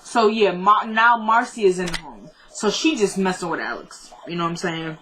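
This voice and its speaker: A woman in a casual vlog recapping a TV episode in a chatty, animated way, often acting out what the characters said. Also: fairly low pitch, normal speed. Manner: animated retelling, quoting characters' lines; chatty, with frequent fillers like "you know".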